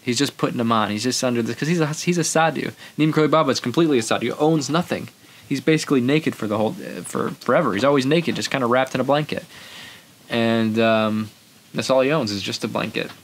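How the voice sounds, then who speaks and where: A man's voice: medium pitch, fast, a little hiss or hum. A man hosting a podcast, telling a story in a rambling, casual way and acting out the quotes. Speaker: podcast host.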